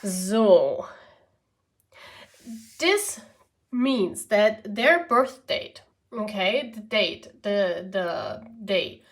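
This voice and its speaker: A woman's voice: a little high, a bit bright. A woman with a German accent, German as her first language, giving a chatty pick-a-card tarot reading to her viewers. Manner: chatty, often adds "okay?" and "yeah?". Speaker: tarot reader.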